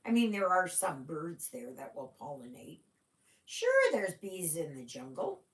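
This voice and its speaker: A woman's voice: on the low side, wildly swooping pitch, a little slow. A middle-aged woman hosting a cross-stitch livestream, chatting casually with viewers, yawning and trailing off now and then. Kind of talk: casual chat with live viewers. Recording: echoey room.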